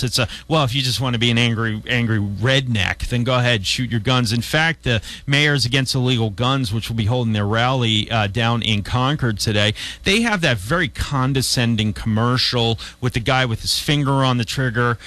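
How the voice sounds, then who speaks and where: A man's voice: medium pitch, moderate pace, few pauses, sharp tone. A man hosting a talk radio show, chatting casually and rambling with frequent restarts. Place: radio studio.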